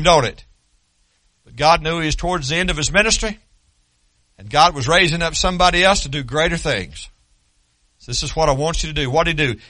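A man preaching a sermon as pastor, swinging from loud emphatic preaching to low quiet asides. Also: dry recording, rough recording.

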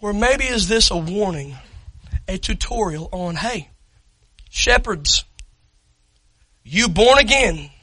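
Preacher, male, very high and sharp-toned, impassioned delivery. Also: lively intonation, slow, pauses often, dry recording, low-quality recording. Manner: impassioned preaching, shouting and breaking into tears at peaks. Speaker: pastor. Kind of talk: sermon.

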